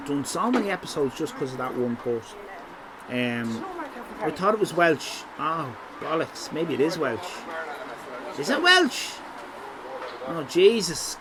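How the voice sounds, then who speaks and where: A man's voice: fairly high pitch, noisy background. A man giving rambling, teasing live-stream commentary over a city walk. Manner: jokey, rambling, teasing chat.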